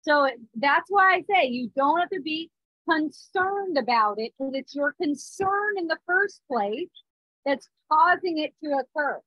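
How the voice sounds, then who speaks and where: A woman in her thirties gives an earnest spiritual talk as a teacher, with small restarts and frequent check-ins. Her voice sits high and is expressive at a measured pace, recorded on a phone or device mic with no echo and lo-fi sound.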